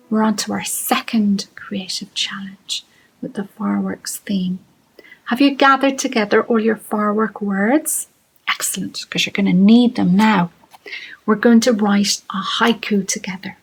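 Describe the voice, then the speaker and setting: In a rough recording, this Irish workshop presenter speaks in a mid-range, slightly slow voice with a breathy edge. Middle-aged, she teaches children creative writing, encouraging them with questions and reading short poems aloud.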